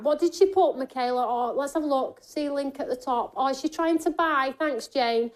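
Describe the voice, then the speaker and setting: A woman's voice: high voice, normal speed. Chatty woman hosting a shopping show. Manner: chatty, jokey, reads out viewer comments. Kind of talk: live craft shopping presentation.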